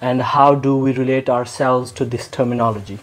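A man hosts an interview, introducing his guest and the series in a measured, careful way. His voice sits at a middle pitch for a man. He pauses often between phrases as he lays out his questions. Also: fairly even intonation. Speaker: host.

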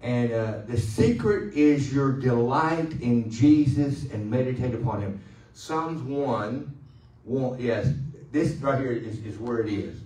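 A male pastor preaching a sermon in a loose, conversational way, joking and pausing for the congregation to answer. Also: mid-range voice, mellow, reverberant, far from the mic, low-quality recording. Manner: conversational, joking, with call-and-response. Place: church sanctuary.

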